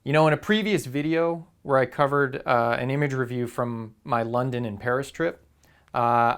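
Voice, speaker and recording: A man talking casually to camera in a vlog, rambling and easygoing with plenty of ums and uhs. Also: medium pitch. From Southern California. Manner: rambling, filler-heavy, easygoing. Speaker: photography YouTuber.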